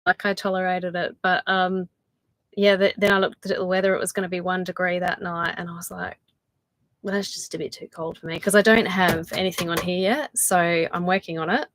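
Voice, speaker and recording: A woman's voice: lowish voice, little pitch movement, fairly quick, a little hiss or hum, low-quality recording. Tired Australian woman chatting live. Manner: chatty, laughs often, trails off into soft asides. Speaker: channel host doing a livestream. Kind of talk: casual live chat with viewers.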